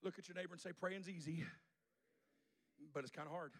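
High-voiced male pastor preaching. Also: fairly even intonation, brisk, fairly bright tone. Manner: repetitive, call-and-response preaching. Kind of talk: sermon. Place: church sanctuary with congregation.

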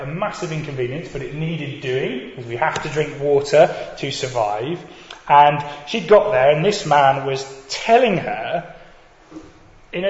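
A man preaching a sermon, earnest and reflective, speaking directly to his listeners. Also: a little high. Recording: dull echoey hall with faint noise.

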